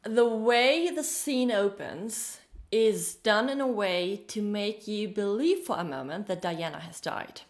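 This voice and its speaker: A woman with a mid-range voice co-hosts a podcast, taking it slowly as she reviews a TV episode. Her chat is casual and chatty, with frequent ums and laughter while she recounts details.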